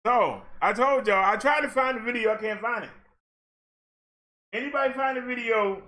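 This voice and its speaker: A man's voice: very high-pitched, normal speed, bright, forceful tone. A man giving a sarcastic ranting commentary as he reads off numbers. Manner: sarcastic, talks back at the figures he reads. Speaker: commentary vlogger.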